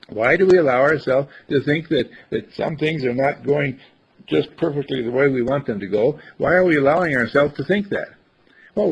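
An older man giving life advice in a casual inspirational talk, animated and chuckling, often acting out little dialogues in a husky voice. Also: a little high. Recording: dull lo-fi recording.

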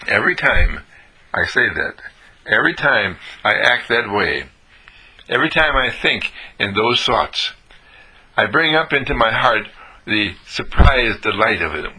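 A man giving a motivational monologue, acting out delighted, surprised exclamations in a lively, swooping voice. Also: lowish voice, slightly rough. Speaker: inspirational speaker.

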